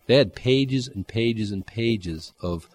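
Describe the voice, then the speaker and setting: A man preaching a Bible-teaching sermon, conversational and animated, with dry humor and sudden jumps in pitch. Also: slow, husky, dry recording. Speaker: pastor.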